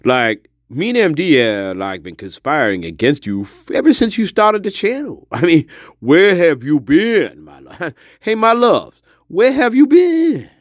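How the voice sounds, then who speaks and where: A man putting on a low, drawling old male spirit who teases and swears with lazy amusement. The voice dips well below his usual register and is recorded dry and close. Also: big pitch swings, a little slow, no echo. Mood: mocking. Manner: drawling, profane, teasing.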